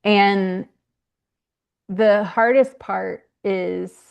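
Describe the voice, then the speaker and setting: A woman's voice: medium pitch, fairly even intonation, extremely slow, gravelly, clear, resonant tone. A young woman, a grief consultant and author, talking earnestly in a podcast interview with frequent fillers and restarts. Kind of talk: podcast interview, casual conversation.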